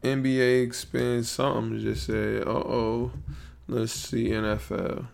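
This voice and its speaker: A man hosting his own podcast alone, rambling in a relaxed, slangy way and thinking out loud. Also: medium pitch, unhurried, creaky. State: yawning, a bit sleepy. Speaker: podcast host. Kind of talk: casual solo podcast monologue.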